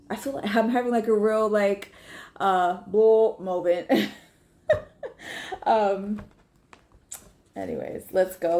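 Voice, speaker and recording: A woman's voice: mid-range voice, fairly even intonation, unhurried, pauses often, a little mellow. A woman giving a casual, chatty tarot reading, swearing freely and talking straight to her viewers. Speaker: tarot reader.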